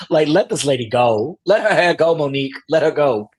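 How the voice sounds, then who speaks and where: A man's voice: a little high, normal speed, few pauses, breathy edge. A man hosting a casual recap, acting out quotes with laughs. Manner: animated storytelling, acts out quotes with laughs. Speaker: podcast host.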